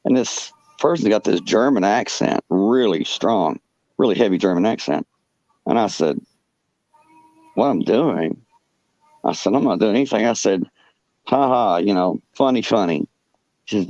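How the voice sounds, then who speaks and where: A man with a very deep, low voice tells a personal story in a halting, rambling way. He is full of fillers and restarts. The recording is dry and close, with a dull, muffled lo-fi sound. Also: expressive, a little mellow, no echo. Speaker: podcast guest telling a personal story. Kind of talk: rambling first-person anecdote.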